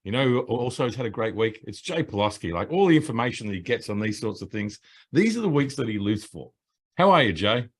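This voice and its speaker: A man's voice: fairly low pitch, sing-song, a little fast. A man hosting a casual finance interview, upbeat and friendly, with some teasing. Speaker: host.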